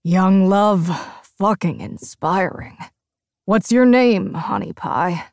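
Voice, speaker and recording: A woman's voice: medium pitch, takes it slowly, darkish tone, no echo, clean studio sound. A woman narrator voicing a stoned, laid-back young man with loose, crude teasing. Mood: amused.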